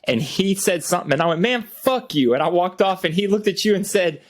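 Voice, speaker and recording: A man's voice: high-pitched, quick pace. A man co-hosting a podcast, joking wryly and swearing freely in casual chat. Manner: wry, deadpan humor with profanity. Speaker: podcast co-host.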